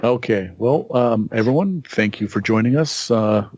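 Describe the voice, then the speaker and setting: A man hosting a podcast in casual chat, joking dryly and pausing on fillers. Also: medium pitch, a little mellow, no echo. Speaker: podcast host.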